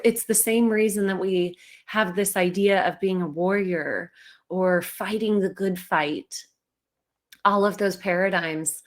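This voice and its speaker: A woman hosting a spiritual livestream in a casual, reflective way, laughing easily as she talks. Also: mid-range voice.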